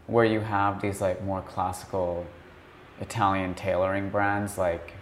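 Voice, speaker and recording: Male interviewer, slightly low voice, relaxed and chatty, asks long open questions. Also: slight background noise. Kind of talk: conversational interview.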